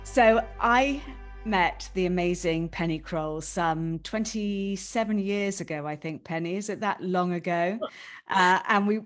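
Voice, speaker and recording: A woman's voice: fairly low pitch, unhurried, faint music behind. A woman hosting a podcast, telling a personal story to her guest in a candid, emotional way and swearing casually. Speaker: podcast host.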